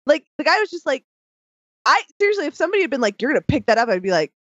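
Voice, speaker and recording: A woman's voice: high voice, very animated, rapid-fire, no echo. A woman co-hosting a podcast in casual chat, blunt and mocking, cutting in often. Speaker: podcast co-host. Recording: dry, slightly dull lo-fi audio.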